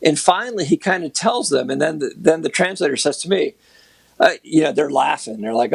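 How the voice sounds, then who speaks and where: Man, gravelly, a bit husky, dry close sound, casual storytelling, fillers. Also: on the high side, fairly quick, no room sound. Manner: rambling anecdotes with many fillers. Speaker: guest photographer.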